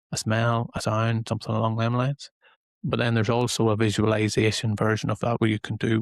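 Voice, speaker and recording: Irish guy podcast host, gravelly low voice, pretty flat, chatty and rambling. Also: no room sound. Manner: conversational, loose and repetitive phrasing. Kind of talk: casual advice talk.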